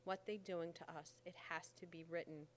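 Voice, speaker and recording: A man's voice: a little high, level tone, normal speed, a little hiss or hum, natural voice. A woman reading as a patient grown man teaching letters. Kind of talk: audiobook character reading.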